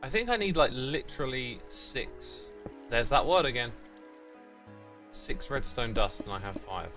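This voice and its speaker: A man's voice: mid-range voice, animated, measured pace, sharp tone, faint music behind. A British man streaming a game, thinking aloud and chatting with his viewers in a casual way. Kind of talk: casual livestream commentary.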